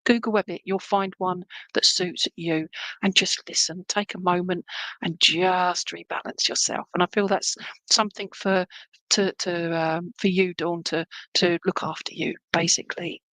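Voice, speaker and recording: A woman's voice: lowish voice, fairly even intonation, normal speed, sharp tone, dry recording, poor audio. A woman giving live psychic readings to viewers, chatty and meandering, full of fillers and checks like "okay?". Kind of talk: live-stream reading, casual chat to viewers.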